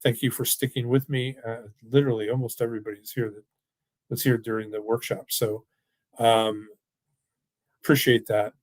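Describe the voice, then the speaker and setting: A man's voice: mid-range voice, little pitch movement, normal speed, dry recording. Emphatic middle-aged man hosting a webinar. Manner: emphatic, with frequent restarts and repeated "look". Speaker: financial firm owner hosting a webinar. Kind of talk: casual, persuasive talk and Q&A answers. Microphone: video call mic.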